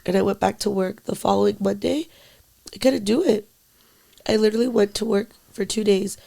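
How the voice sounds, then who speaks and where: A young woman with a gravelly, fry-tinged voice, talking in casual podcast chat. She speaks haltingly, filling her sentences with "like" and the odd swear word. Her delivery is quiet and emotional, sometimes falling almost to a whisper. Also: mid-range voice, fairly even intonation. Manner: halting, full of "like" and frequent swearing. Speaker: podcast co-host.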